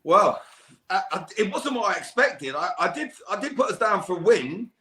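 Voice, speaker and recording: Bright high-voiced man, echoey room. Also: big pitch swings, normal speed. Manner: jokey, laughing banter. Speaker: podcast guest. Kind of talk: casual football chat.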